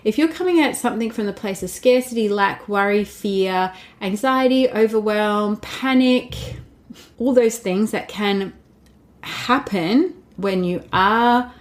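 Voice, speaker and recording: A woman's voice: mid-range voice, unhurried. A woman, hosting a casual solo podcast in a chatty, upbeat way full of "like" and "babes". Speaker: podcast host.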